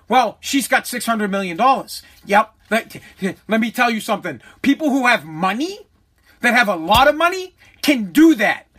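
A man tears into his subject in a fired-up, profanity-laced rant, circling back to the same points again and again. His voice has a forceful, tense edge. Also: extremely high pitch. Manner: heated, profane, repetitive. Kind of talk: angry rant.

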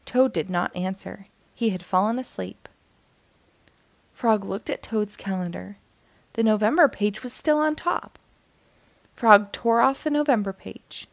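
A woman reading a children's book aloud in a slow, gentle and expressive way as a storytime host. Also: medium pitch, vocal fry, no room sound. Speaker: storytime reader.

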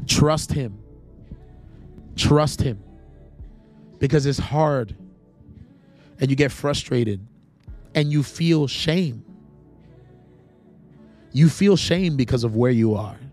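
A man's voice: mid-range voice, takes it slowly, long pauses, warm tone, faint music behind. A young man preaching outdoors in the cold, earnest and pleading, repeating lines for emphasis, a bit congested. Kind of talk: outdoor video sermon. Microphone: camera facing the speaker.

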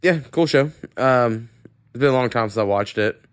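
A man's voice: mid-range voice, animated, moderate pace, clean tone, dry recording, studio quality. A man hosting a podcast, talking in casual chat, rambling and swearing freely while congested with a cold. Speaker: podcast host.

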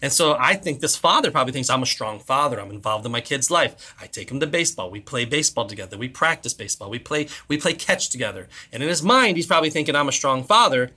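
Bright-voiced animated dad on a podcast. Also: male voice, fast talker, few pauses. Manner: animated storyteller, acts out quotes with big pitch jumps. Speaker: podcast co-host. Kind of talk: casual chat.

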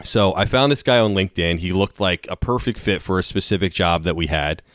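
Male podcast co-host, low voice, loose rambling storyteller, dry close mic. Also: a little fast, a bit bright, no echo. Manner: rambling storyteller, laughs often. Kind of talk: casual chat.

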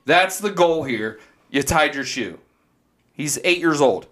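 Podcast co-host, man, 30s, animated storyteller, salty language. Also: a little high, a little slow. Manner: animated storytelling, swears freely. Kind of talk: casual podcast chat.

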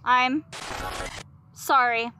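A woman acting as a medium on an outdoor ghost hunt, relaying spirit box words in halting, drawn-out fragments. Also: high voice, fairly even intonation, sharp tone, a little hiss or hum. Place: outdoors in a park at night.

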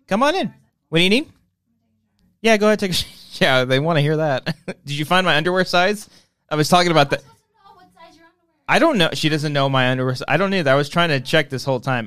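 A man co-hosting a podcast, talking in a loose, giggly way while a little intoxicated. His voice sits a touch high, and the recording is dry and close with almost no room sound. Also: animated, fairly quick, a bit bright, clean tone, dry recording. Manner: joking, giggly, tipsy. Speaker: podcast co-host. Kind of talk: casual chat.

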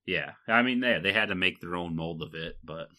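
A Michigan man co-hosts a podcast, chatting casually and rambling with fillers and laughter. His voice is low-pitched and sharp in tone, and he speaks a little fast.

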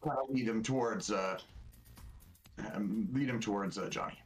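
A man's voice: lowish voice, moderate pace, faint music behind, low-quality recording. A man taking part as a player in a tabletop game, speaking hesitantly with many fillers. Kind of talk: in-character tabletop play.

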